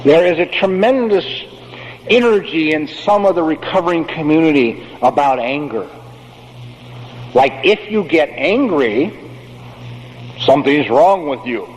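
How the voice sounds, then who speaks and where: An older man giving a recovery talk to an audience, with a blunt, profane and animated way of telling stories. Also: on the high side, a little slow, pauses often. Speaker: recovery speaker. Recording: faint noise, long hall reverb.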